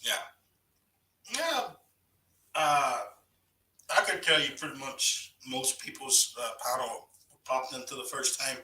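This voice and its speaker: A man's voice: medium pitch, lively intonation, takes it slowly, pauses often, pushed and bright, a little hiss or hum. A man telling stories in casual chat, rambling and padding his talk with "you know" and "right". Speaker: guest storyteller on a live voice chat. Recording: roomy sound from a distant mic.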